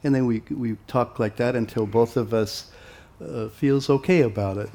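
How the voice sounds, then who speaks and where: In a medium-pitched voice, a monk addresses a gathering of devotees with a loose, chatty spiritual talk. Frequent pauses punctuate his speech, and he dramatizes conversations as he quotes them.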